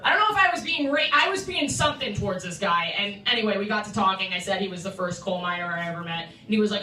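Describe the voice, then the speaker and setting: Young woman comic from new york, bright voice, laughs at her own bits, far off mic in an echoey room. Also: mid-range voice, quick pace, few pauses. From New York City. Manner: chatty, self-interrupting, laughs at own jokes. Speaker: stand-up comedian. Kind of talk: stand-up set at an open mic. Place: small comedy room indoors. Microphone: phone livestream from the room.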